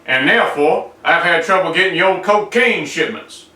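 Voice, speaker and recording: A man's voice: sits high, animated, normal speed, pushed and bright. A man playing a nervous, bumbling drug middleman who stammers and flusters. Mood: flustered. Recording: roomy sound, mic at a distance.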